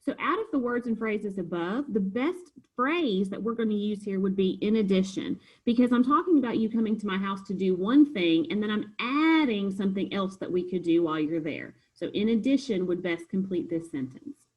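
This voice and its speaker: A woman's voice: medium pitch, animated, normal speed, hardly any pauses, slightly rough, rough recording. A woman teacher patiently walking students through a homework review, step by step. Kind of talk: recorded homework review lesson.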